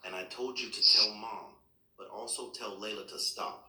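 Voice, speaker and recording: A man talks as a father in a calm, firm, reassuring way. His low voice has a bright, tense edge. It sounds roomy and distant, picked up away from the mic. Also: moderate pace. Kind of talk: serious heart-to-heart with a child. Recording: echoey room, mic far off.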